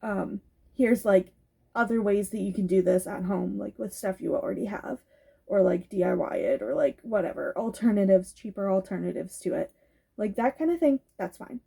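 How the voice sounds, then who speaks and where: A woman's voice: medium pitch, moderate pace, creaky, dark tone, breathy edge. A woman talking candidly in a casual tag video at home, swearing freely and getting heated at times. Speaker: goth YouTuber. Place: home bedroom with a cat nearby.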